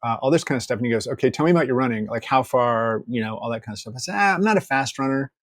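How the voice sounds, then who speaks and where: A man, a podcast guest, telling a story in casual conversation, candid and joking, quoting people in lively asides and swearing freely. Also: mid-range voice, racing, no room sound, studio quality.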